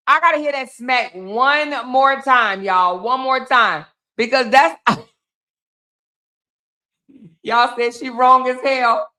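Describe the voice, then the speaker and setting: A woman's voice: fairly high pitch, takes it slowly, pauses often, sharp tone. A woman hosting a livestream, chatting with her viewers while she comments on a video. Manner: chatty, talks straight to viewers. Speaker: livestream host.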